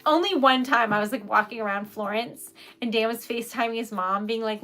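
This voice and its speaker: A woman's voice: a little high, a little fast, few pauses, a bit bright. A young woman from New England chatting casually with live viewers, emotional and giggly, rambling with lots of fillers. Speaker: livestream host, poet.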